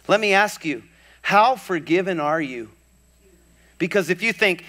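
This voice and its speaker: Impassioned, high-voiced male preacher. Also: expressive, unhurried, pauses often, pushed and bright. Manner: storytelling, building to impassioned crescendos; humorous asides. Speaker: pastor. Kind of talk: sermon. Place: church before a live congregation.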